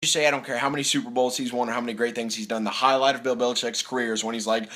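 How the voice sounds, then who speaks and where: A young man vents as a sports fan vlogger in a bright, forceful voice. He swears freely and slips into mocking impressions of players. His delivery stays animated throughout. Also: medium pitch, racing, few pauses. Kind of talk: profane sports rant.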